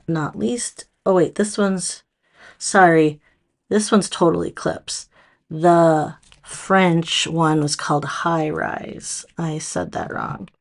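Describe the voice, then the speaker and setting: A woman's voice: deep voice, creaky. A woman with a Minnesota accent showing off nail products in a casual, chatty way, full of fillers and restarts.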